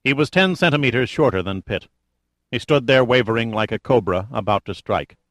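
Scripted thriller narration comes from a man with a medium-pitched voice, delivered in a steady, measured way. There is no room sound in the recording.

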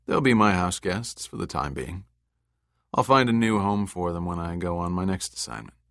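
A man's voice: sits low, moderate pace, a bit bright, no echo. A man voicing an easygoing, wry male adventurer in an audiobook, with a dry, understated delivery. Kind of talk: audiobook dialogue reading.

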